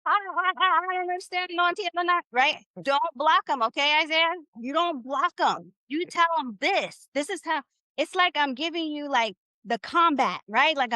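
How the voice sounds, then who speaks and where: A woman with a high, bright voice leads a live online Spanish class. She is upbeat and encouraging, drawing phrases out slowly for her students to repeat. Her sound is dry and close, as on a video call. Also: no room sound. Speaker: Spanish teacher.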